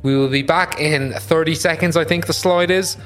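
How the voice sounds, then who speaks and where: A man's voice: fairly high pitch, fairly even intonation, moderate pace, fairly bright tone, soft background music. A man hosting a casual podcast chat, joking and swearing often. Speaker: podcast host.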